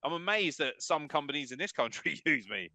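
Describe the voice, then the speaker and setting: A man's voice: a little high, sing-song, fairly quick, pushed and bright, no echo. Foul-mouthed British man ranting. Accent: British English. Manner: profane, mocking, breaks into laughter. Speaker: podcast host. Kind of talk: crude comedic rant.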